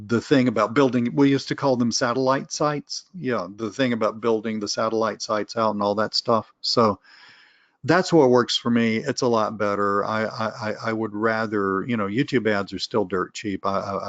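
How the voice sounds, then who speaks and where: A middle-aged man with a lowish voice hosts a casual live webinar Q and A, thinking aloud through rambling answers full of restarts and candid asides. The sound is dry and a little dull, like lo-fi webinar audio. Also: no echo. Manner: candid, self-aware asides. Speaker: webinar host answering viewer questions.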